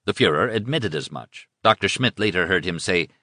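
A man reading a history book aloud as scripted narration, in a measured, formal way. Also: sits low, lively intonation, sharp tone, dry recording, clean studio sound. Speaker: audiobook narrator.

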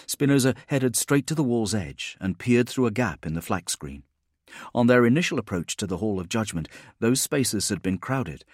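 A man reads a science-fiction audiobook in a steady, measured storytelling manner. His voice sits low, recorded dry and close with no room sound. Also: husky, no room sound. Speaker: audiobook narrator. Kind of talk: scripted narration.

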